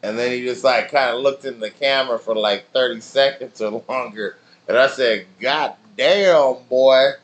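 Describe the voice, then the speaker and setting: A man chatting casually with his stream viewers. He rambles through his stories in loose slang, swearing freely, at a middle pitch for a man. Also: steady tone, moderate pace, few pauses, fairly bright tone, dull audio. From family in Nigeria.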